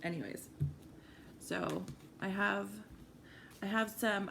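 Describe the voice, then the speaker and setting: A woman's voice: medium pitch, fairly even intonation, moderate pace, creaky, long pauses, slight background noise. Rambling woman chatting while eating. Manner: rambling, self-deprecating, cursing, frequent laughs. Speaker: vlogger.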